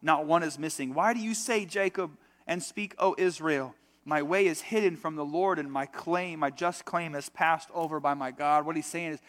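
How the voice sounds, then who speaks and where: A man's voice: on the high side, moderate pace, a bit bright. A young adult man preaching a sermon to a congregation, conversational and emphatic, full of rhetorical questions. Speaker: pastor. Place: church sanctuary. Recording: long reverb of a church hall.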